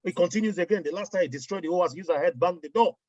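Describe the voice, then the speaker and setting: A man's voice: high-pitched, rapid-fire, no echo. A man with a Nigerian accent in casual chat, telling stories and mixing in pidgin phrases. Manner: mixes in pidgin, animated storytelling. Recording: dry, muffled audio.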